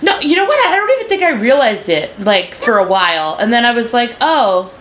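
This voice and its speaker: Bright-voiced New woman rambling. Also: fairly high pitch, very animated, brisk. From New York. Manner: rambling, heavy use of "like". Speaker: podcast host. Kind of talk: casual podcast chat. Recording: echoey room, faint noise.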